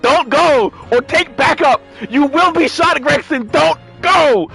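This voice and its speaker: A man voicing a panicked man who pleads loudly that he is from the future, in a comedic game playthrough. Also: extremely high pitch, expressive, moderate pace, soft background music, pitched above the performer's own voice, full character voice. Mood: frantic pleading. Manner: panicked, pleading, shouting warnings. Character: frantic man shouting he is from the future.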